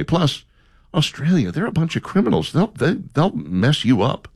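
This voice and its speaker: A man's voice: medium pitch, animated, normal speed, no room sound, clean studio sound. A man co-hosting a casual political chat, joking and rambling with mock-pleading asides. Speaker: co-host.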